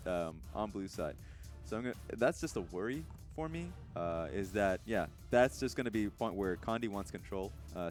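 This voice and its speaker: A man analysing esports on a desk show, rambling and correcting himself as he goes. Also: medium pitch.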